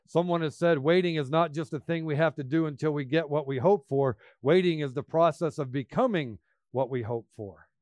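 A man preaching a sermon, emphatic, swinging between loud bursts and quiet asides. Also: fairly high pitch, normal speed, no echo.

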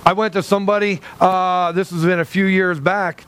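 High-voiced pastor preaching a sermon. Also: male voice, level tone, moderate pace, a bit bright, a little hiss or hum. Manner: conversational preaching with frequent restarts; acts out quoted voices.

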